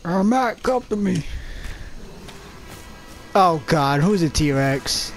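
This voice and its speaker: Excitable young gamer yelping at the screen. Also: male voice, high voice, very slow, faint music behind. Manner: jokey, excitable, yelps and shouts at the game. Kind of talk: gameplay commentary.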